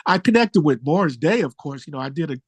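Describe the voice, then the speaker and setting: A man tells stories as a guest in a casual interview. His voice sits a little higher than usual and rises sharply when he gets excited. The talk is relaxed and full of slang, and the sound is dry and close. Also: fast talker, husky, no room sound. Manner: animated storyteller, jumps high when excited. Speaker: musician guest.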